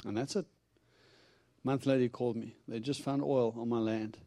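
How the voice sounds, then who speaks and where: Itinerant preacher, male, mellow tone, animated storyteller voicing his own quotes. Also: medium pitch, normal speed. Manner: animated storyteller, acts out quotes, laughs often. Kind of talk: storytelling sermon.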